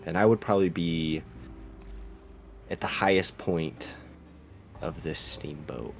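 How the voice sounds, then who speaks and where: Very deep-voiced man playing a tabletop game. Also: a little hiss or hum. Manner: rambling, halting description with fillers. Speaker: player. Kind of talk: casual tabletop play.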